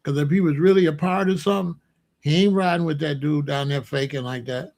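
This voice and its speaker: A man's voice: a little high, steady tone, fairly quick, gravelly, darkish tone. A man delivering heated, confrontational stream commentary in blunt street slang.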